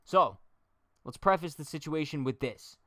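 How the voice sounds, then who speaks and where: A man's voice: on the high side, normal speed, a bit bright, no echo. A young man hosting a casual baseball livestream, chatting and joking straight to his viewers. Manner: chatty, jokey, talks to chat directly.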